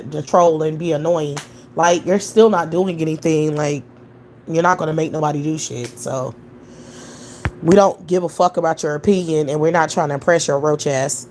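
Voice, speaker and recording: A woman's voice: sits low, fairly even intonation, moderate pace, darkish tone, slight background noise. A young adult woman hosting a live stream, answering chat in a profane, scornful rant with mocking laughter. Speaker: livestream host.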